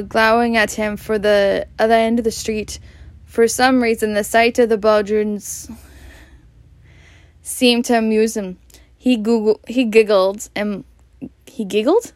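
Woman, storybook reader, slow and halting, stumbles and rereads, close dry sound. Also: on the high side, no echo. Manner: halting, stumbles and rereads words, laughs at slips. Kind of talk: reading a storybook aloud.

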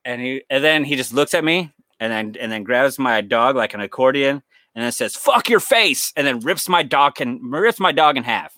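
A young man on a casual podcast, telling long winding stories full of curse words. He acts out the people in them as he goes. His voice is bright and tense, recorded dry and close with no room sound. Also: mid-range voice, moderate pace, few pauses, dry recording. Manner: rambling storyteller, swears a lot, acts out quoted voices. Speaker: podcast co-host. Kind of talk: casual chat.

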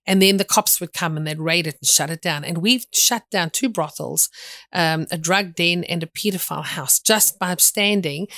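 A woman's voice: medium pitch, a bit bright, no room sound, studio quality. A middle-aged woman preaching a sermon, telling stories in an earnest way with frequent restarts.

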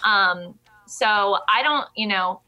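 A woman's voice: mid-range voice, takes it slowly, pushed and bright, muffled recording. A young woman from New Jersey chatting casually as an interview guest, telling stories animatedly with lots of fillers. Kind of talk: casual chat.

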